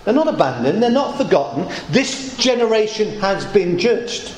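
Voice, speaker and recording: A middle-aged pastor preaching a sermon, emphatic and rhetorical, slowing words down for effect, in a church hall. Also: male voice, high voice, very animated, a little mellow, a little hiss or hum.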